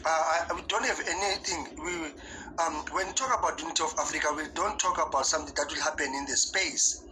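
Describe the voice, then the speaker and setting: A man moderating a panel debate, who talks haltingly and repeats his words as he tries to calm things down. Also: a little high, noisy background.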